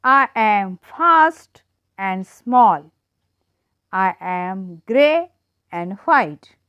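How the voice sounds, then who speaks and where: A woman teacher slowly reading animal riddles to children in an emphatic, sing-song way. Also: medium pitch, lively intonation, a bit bright, smooth, no room sound. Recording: dull lo-fi dry sound.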